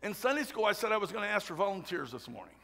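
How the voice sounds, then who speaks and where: A man's voice: high-pitched, sing-song, very fast, gravelly, bright, forceful tone. A man preaching a Sunday sermon in a church, chatty and full of asides and jokes. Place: church sanctuary.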